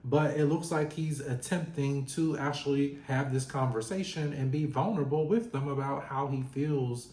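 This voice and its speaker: A man's voice: mid-range voice, moderate pace, few pauses, darkish tone. A man giving a chatty recap of a reality show, talking straight to the people on it as if they could hear him. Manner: chatty, talks straight to the show's cast. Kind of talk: casual recap commentary. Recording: roomy echo.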